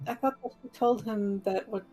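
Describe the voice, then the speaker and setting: A woman's voice: mid-range voice, normal speed, warm tone, slightly rough, faint music behind, rough recording. A woman player describing her character's actions in casual tabletop game chat.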